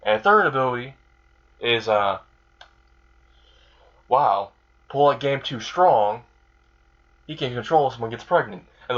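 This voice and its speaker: A man's voice: mid-range voice, a bit bright, lo-fi sound. A man casually retelling a comedic fan story, rambling and crude with lots of filler words.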